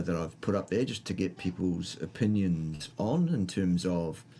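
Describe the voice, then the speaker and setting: Low-voiced New Zealand man hosting a livestream. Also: dark tone, a little hiss or hum. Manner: rambling, jokey, greets viewers by name. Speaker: livestream host. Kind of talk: casual livestream chat.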